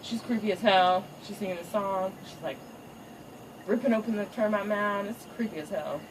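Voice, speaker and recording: A woman's voice: medium pitch, normal speed. A woman casually retelling a cartoon movie as a crude comic recap, rambling and profane. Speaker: storyteller. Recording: faint noise, distant home mic.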